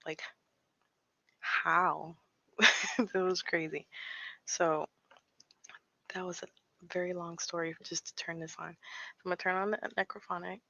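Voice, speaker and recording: A woman's voice: lowish voice, little pitch movement, unhurried, creaky, pauses often, sharp tone. A young woman from Pennsylvania telling a ghost story in a casual, nervous way, laughing often and dropping into whispers. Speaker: paranormal vlogger. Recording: slightly dull lo-fi sound.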